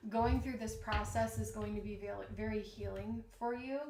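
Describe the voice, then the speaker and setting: A woman giving a live-streamed tarot reading in a slow, soothing, reassuring way, tired from jet lag. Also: mid-range voice, steady tone, darkish tone. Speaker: tarot reader. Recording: echoey room with clear background noise.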